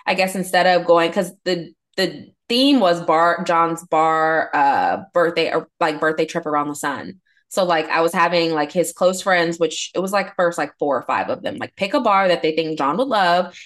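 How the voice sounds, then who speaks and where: A woman's voice: fairly low pitch, normal speed, a bit bright. A young woman co-hosting a podcast, telling a story in casual chat and filling it with constant "like"s. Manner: rambling storyteller, constant "like" fillers. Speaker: podcast co-host.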